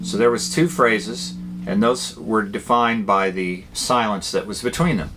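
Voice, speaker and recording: A man teaching guitar speaks slowly and in a fairly low voice. He explains plainly, pausing on fillers. Guitar playing sounds clearly between his phrases. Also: fairly even intonation, pushed and bright. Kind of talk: guitar lesson, explaining and demonstrating.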